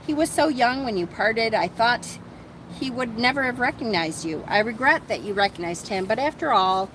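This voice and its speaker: A woman reading aloud the lines of a stern older high priestess in a storybook, in a cool, matter-of-fact manner. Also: animated, normal speed, background noise, natural voice.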